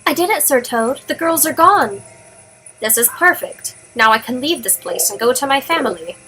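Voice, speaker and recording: A woman's voice: sits high, animated, normal speed, sharp tone, a little hiss or hum, rough recording. A woman voicing a sincere young girl heroine in a video game. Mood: earnest.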